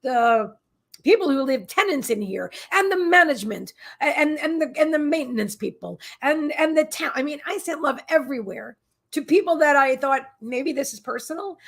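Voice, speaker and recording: A woman's voice: high-pitched, expressive, moderate pace, creaky. A woman hosting a psychic livestream from her apartment, talking in a candid, rambling way with many restarts. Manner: candid, heartfelt. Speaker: psychic host. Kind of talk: casual livestream chat.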